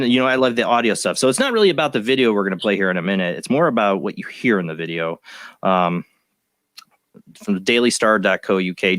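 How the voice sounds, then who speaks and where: A man with a medium-pitched, slightly bright voice hosts a paranormal radio show, recorded dry. In casual chat he reads news stories aloud, rambling, chuckling and getting easily sidetracked.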